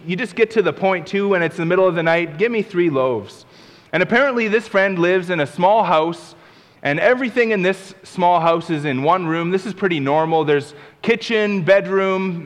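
A man's voice: high-pitched, fairly bright tone. A man preaching a sermon in a conversational way, explaining scripture and acting out little asides. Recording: long reverb of a large hall.

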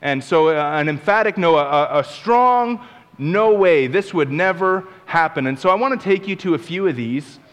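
A man's voice: on the high side, expressive, moderate pace. A man preaching a sermon in a conversational way, explaining scripture and acting out little asides. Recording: long reverb of a large hall.

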